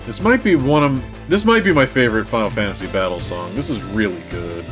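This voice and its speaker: Relaxed male game streamer. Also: on the low side, brisk. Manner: reads game dialogue aloud, relaxed and chatty. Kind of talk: casual let's-play commentary. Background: faint game music.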